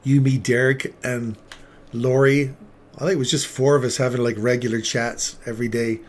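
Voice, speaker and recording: A man's voice: mid-range voice, level tone, normal speed. A man hosting a live trading stream, chatting with viewers by name and commenting on the charts in a casual, upbeat way. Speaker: trading livestream host.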